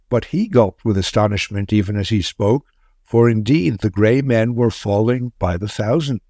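A man reading a story aloud in a measured, solemn way. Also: lowish voice, mellow, dry recording, clean studio sound. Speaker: narrator. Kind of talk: scripted story narration.

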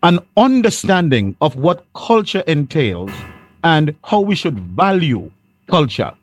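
Insistent high-voiced man host. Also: sing-song, measured pace. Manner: insistent, repeats himself when interrupted. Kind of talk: panel discussion.

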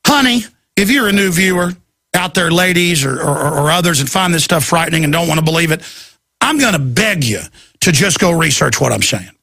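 A man's voice: on the high side, animated, brisk, gravelly, bright, forceful tone, no echo. A man hosting a talk radio show, delivering an urgent, emphatic ranting monologue.

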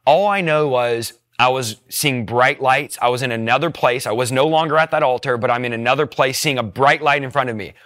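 A young man earnestly telling an emotional personal conversion story, shifting between hushed and excited moments. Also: medium pitch, fairly quick, few pauses. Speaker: testimony speaker.

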